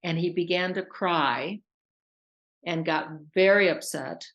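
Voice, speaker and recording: A woman with a lowish, slightly bright voice speaks slowly on a muffled recording. As an interview guest and scam victim, she gives an earnest, intense, emotional account of her own story, repeating herself for emphasis.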